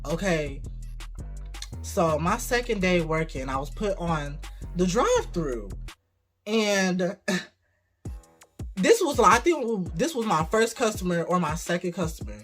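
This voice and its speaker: A young adult vlogger telling a casual story about their first job, cursing freely and getting animated. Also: mid-range voice, slow pace, long pauses, soft background music.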